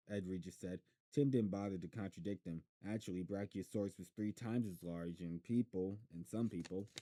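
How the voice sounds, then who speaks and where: A man's voice: low voice, warm tone, no echo. A man reading a novel aloud in a casual live stream, stumbling and restarting often and chatting to listeners between passages. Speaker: amateur reader of a novel.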